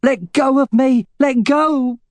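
A man's voice: normal speed, darkish tone, no echo. A man doing a frantic shrieking young wife. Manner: shrill pleading cries.

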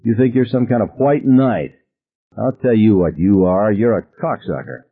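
A man's voice: lowish voice, moderate pace, breathy edge, narrow, tinny audio. A man voicing a crude teenage boy who taunts with a sneer. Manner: sneering and vulgar.

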